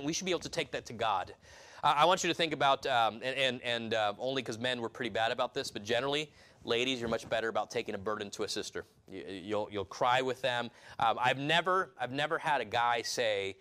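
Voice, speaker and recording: Pastor guy giving a sermon, bright clear voice, a bit high, slows way down for scripture then chats. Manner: earnest, reads scripture slowly and deliberately; conversational asides with many restarts.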